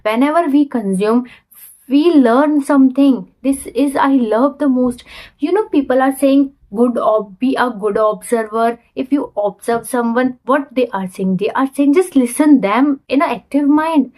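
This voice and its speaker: A young Indian woman speaks straight into her phone camera in earnest learner English, stopping and restarting her sentences as she goes. Her voice sits a little high for a woman. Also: measured pace, darkish tone, low-quality recording. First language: Hindi. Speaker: vlogger. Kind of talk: casual talk to camera.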